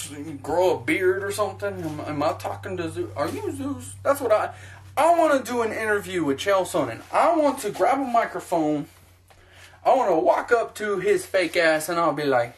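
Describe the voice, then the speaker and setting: A man's voice: high voice, sing-song, moderate pace. A man from the United States ranting profanely about fighters in a heated sports opinion vlog. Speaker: sports vlogger.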